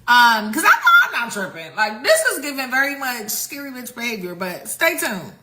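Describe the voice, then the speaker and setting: Woman commentator, sassy and rhetorical, bright tone, roomy sound. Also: a little high, huge pitch swings, normal speed. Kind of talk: casual commentary to viewers.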